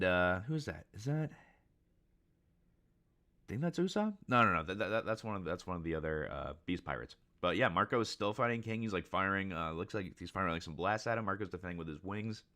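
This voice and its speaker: A man hosting a casual reaction to a comic chapter, rambling excitedly with many fillers and reading lines aloud. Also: low voice. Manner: reads character lines aloud with mild voice shifts. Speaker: channel host.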